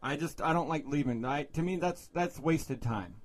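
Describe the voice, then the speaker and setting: Male podcast co-host, slightly high voice, crude and animated raconteur. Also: moderate pace. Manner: profane, animated storytelling with loud acted-out quotes. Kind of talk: casual chat, storytelling.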